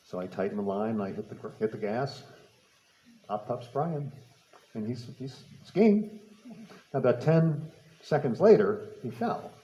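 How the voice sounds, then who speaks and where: In a talk venue, a man with a lowish, warm voice gives a public talk, telling a personal story with repeated words and light laughter. The audio is poor and reverberant.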